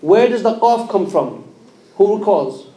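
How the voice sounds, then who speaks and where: A man's voice: high-pitched, expressive, measured pace, mellow. A man teaching Quran pronunciation in a mosque class, sounding out letters and quizzing his students with questions. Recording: echoey room.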